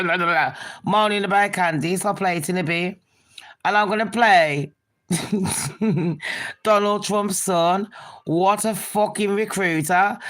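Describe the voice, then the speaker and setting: Slow, sweary woman ranting. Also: medium pitch. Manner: sweary, mocking, laughing at her own jokes. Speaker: commentary vlogger. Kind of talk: ranting commentary vlog.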